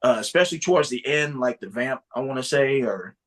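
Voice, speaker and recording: A man in a relaxed music talk show, weighing his words and circling back with plenty of "like" and "you know." His voice sits at an ordinary middle pitch, easygoing and unhurried. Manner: thoughtful, hesitant, full of "like" and "you know". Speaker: podcast co-host. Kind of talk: casual music discussion.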